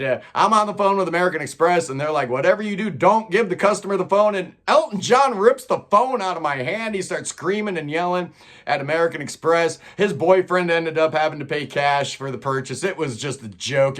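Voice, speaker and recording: A middle-aged man telling stories in a chatty, animated way, often saying "man". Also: on the high side. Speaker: channel host telling celebrity stories. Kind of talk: casual storytelling monologue.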